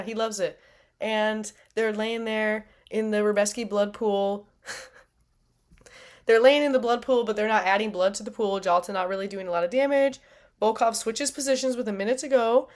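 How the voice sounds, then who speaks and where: A woman hosting a casual fight recap, chatty and animated, often laughing at herself. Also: mid-range voice. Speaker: fight review host.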